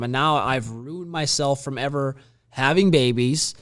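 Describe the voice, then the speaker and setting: A man co-hosting a Christian podcast, talking in an animated way as he builds up his points. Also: mid-range voice, unhurried. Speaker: podcast co-host. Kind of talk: conversational Christian podcast discussion.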